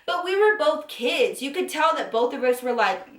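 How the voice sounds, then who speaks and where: A young woman with a slightly high voice tells a personal story, casual and profane, acting out every line people said. She sits back from the mic in a bare, echoey room. Her delivery is loose and animated. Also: moderate pace, far from the mic. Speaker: vlogger. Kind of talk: storytime vlog.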